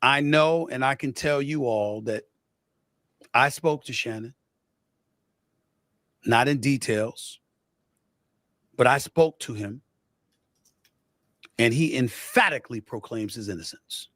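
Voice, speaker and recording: A man gives deliberate commentary and carefully weighs each side. The sound is dry and close, and his voice sits at an ordinary middle pitch. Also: fairly bright tone, no echo. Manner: deliberate, weighs both sides. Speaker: sports show producer. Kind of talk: measured spoken commentary.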